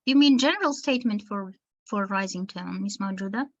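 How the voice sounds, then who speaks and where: A woman's voice: mid-range voice, brisk, muffled recording. A woman teacher trainer giving an online webinar lecture, explaining step by step and addressing her listeners as dear teachers. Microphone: video call.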